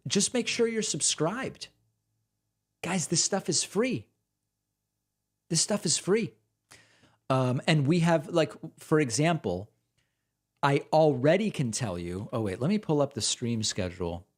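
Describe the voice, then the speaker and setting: A man's voice: a little high, very animated, measured pace. A man hosting a live stream, chatting casually and rambling as he reads out supporter names. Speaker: host. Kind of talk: casual livestream chat.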